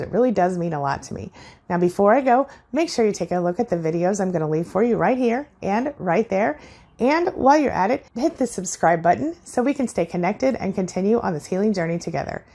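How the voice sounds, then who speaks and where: A woman's voice: on the low side, expressive, fast, creaky, a little mellow. Earnest woman host explaining. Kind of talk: explanatory commentary.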